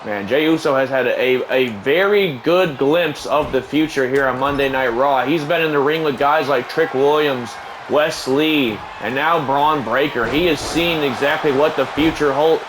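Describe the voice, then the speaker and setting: A young man hosting a show and calling wrestling play-by-play over a video game, getting louder and more excited on the big moves. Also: mid-range voice, normal speed, few pauses, slight background noise, rough recording.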